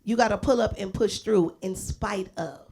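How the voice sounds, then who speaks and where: A middle-aged woman from Los Angeles, a guest actor telling lively stories in a live stage interview, acting out the voices of the people in them and laughing often. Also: mid-range voice, moderate pace. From Los Angeles, USA.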